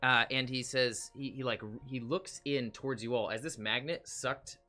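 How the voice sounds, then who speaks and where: Bright-voiced game master, halting narration. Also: male voice, mid-range voice, steady tone, soft background music. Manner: hesitant, many fillers.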